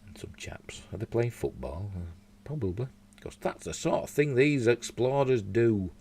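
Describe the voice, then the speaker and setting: Reading news articles at home, this Yorkshire-accented host keeps wandering off into rambling, chatty asides and the occasional slip. He has a mid-range, darkish voice with lively intonation at a moderate pace, over a little hiss or hum.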